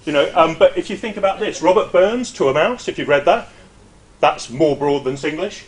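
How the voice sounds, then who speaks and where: A middle-aged man, a university lecturer, giving an informal academic presentation in a lively, chatty way with frequent hesitations and asides. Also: fairly high pitch, moderate pace.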